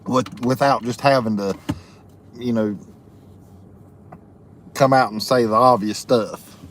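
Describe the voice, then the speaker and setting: A man's voice: medium pitch, steady tone, takes it slowly, a bit bright. Man, livestream host, reads chat comments aloud, laughs a lot, faint background hiss. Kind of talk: casual live chat.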